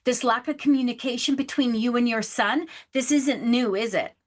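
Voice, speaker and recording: High-voiced woman giving a psychic reading. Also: normal speed. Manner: warm, affectionate, says please and love often. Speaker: psychic medium host. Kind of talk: live psychic reading with a caller.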